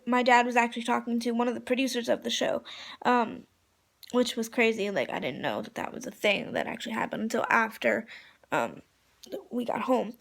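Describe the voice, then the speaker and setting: Excitable young woman with gravelly fry. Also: a little high. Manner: excitable, gushing, filler-heavy. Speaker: vlogger. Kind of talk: casual storytime vlog.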